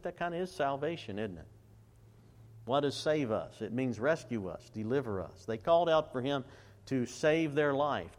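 A man preaching a sermon, quoting scripture and repeatedly asking the congregation to fill in words. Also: medium pitch. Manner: call-and-response questions to the congregation; quotes scripture and recites hymn lyrics slowly. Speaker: pastor.

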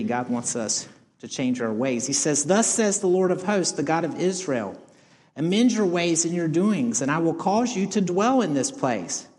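A man pastor delivering a sermon, asking the congregation rhetorical questions and reading scripture aloud. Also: medium pitch. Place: church sanctuary. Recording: long church reverb.

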